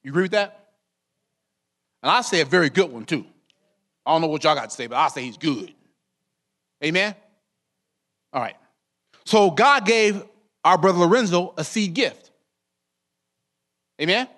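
A man's voice: on the high side, lively intonation, normal speed, pauses often, fairly bright tone. A man preaching a sermon as pastor, calling his congregation saints and drawing them in with call-and-response questions.

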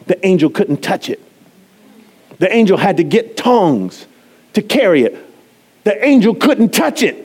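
Animated high-voiced male preacher. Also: slightly rough. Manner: animated, laughs often, self-mocking asides to the congregation. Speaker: pastor. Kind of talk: sermon.

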